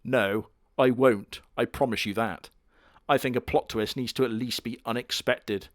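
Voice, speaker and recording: A man's voice: mid-range voice, fairly even intonation, moderate pace, dry recording, clean studio sound. A man giving crude, sardonic comedic commentary on an anime. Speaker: anime reviewer.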